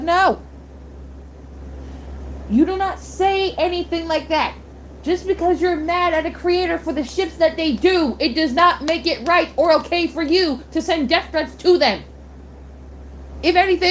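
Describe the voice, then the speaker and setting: A woman's voice: extremely high pitch, moderate pace, a bit bright, slight background noise. A young woman streamer ranting, heated and blunt, swearing and repeating herself. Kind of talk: angry rant on a live stream.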